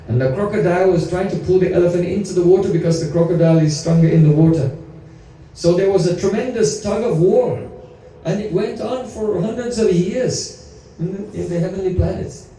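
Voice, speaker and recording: A man's voice: sits high, dark tone, far from the mic, slight background noise. A man giving a devotional lecture as a spiritual teacher, explaining with stories and rhetorical questions. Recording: very echoey room, voice from afar.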